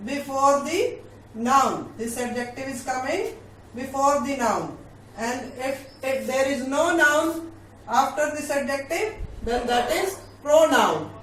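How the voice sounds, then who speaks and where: A woman explains grammar in a high voice, slowly and deliberately, repeating points and checking in with her students. She sounds far from the mic in a strongly echoing room. Faint ambient noise sits behind her. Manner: slow, deliberate, repeats key points, asks "all right?". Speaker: English grammar teacher. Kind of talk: grammar lesson.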